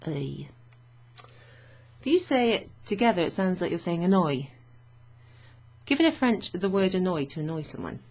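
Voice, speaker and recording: A woman's voice: lowish voice, sing-song, moderate pace, long pauses, darkish tone. A woman teaching French vocabulary to learners, chatty and thinking aloud with fillers and frequent little laughs.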